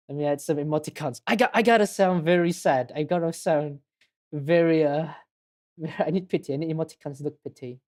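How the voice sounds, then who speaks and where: A woman's voice: low voice, moderate pace, a little mellow. A woman streaming a game, chatting casually with lots of giggles and self-deprecating asides.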